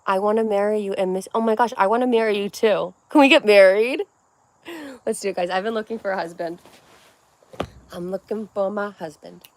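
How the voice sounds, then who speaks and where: A woman's voice: medium pitch, fairly even intonation, fairly quick. A young woman hosting a livestream, chatting casually and rambling as she reads viewer comments aloud, swearing freely. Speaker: livestream host.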